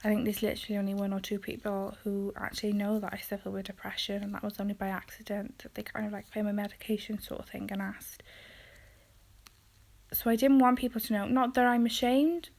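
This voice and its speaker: A woman speaks hesitantly in a personal confessional vlog, with many pauses and ums, often trailing off quietly. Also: mid-range voice, flat delivery, gravelly. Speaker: vlogger.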